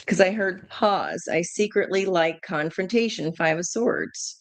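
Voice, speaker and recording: A woman's voice: on the low side, very animated, slow, no room sound. A woman doing a live tarot reading, thinking aloud in a chatty way, laughing often and swearing casually. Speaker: tarot reader.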